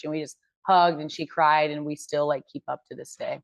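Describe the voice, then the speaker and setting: A woman with a lowish voice, chatting on a podcast and spinning animated stories full of quick asides. The sound is dry and close, with little room around it. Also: no room sound. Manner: animated storyteller, quick asides, laughs often. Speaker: podcast co-host. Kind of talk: casual chat.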